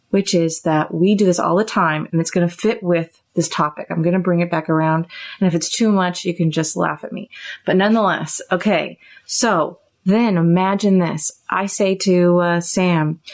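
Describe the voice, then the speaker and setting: A middle-aged woman therapist hosting a podcast, explaining ideas casually and acting out little example dialogues. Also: moderate pace. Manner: animated, acts out example dialogues with raised pitch.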